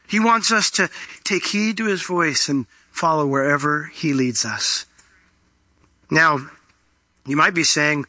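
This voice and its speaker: A male pastor delivers a lively sermon in a high, bright, forceful voice, slipping into small acted-out voices as he tells his stories. The sound is close and dry, with no room echo. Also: moderate pace. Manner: animated, acts out voices in quotes.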